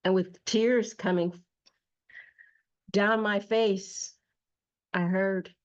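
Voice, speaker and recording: A woman hosting her own show, telling a personal story slowly and emotionally with emphatic repetition. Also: medium pitch, steady tone, highs cut off. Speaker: host. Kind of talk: personal testimony monologue.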